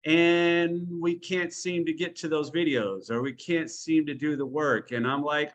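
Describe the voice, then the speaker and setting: A man's voice: a little high, moderate pace, hardly any pauses, fairly bright tone, a little hiss or hum. A man giving a motivational training talk over a video call, blunt and talkative, with a tough-love coaching manner. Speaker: online business trainer.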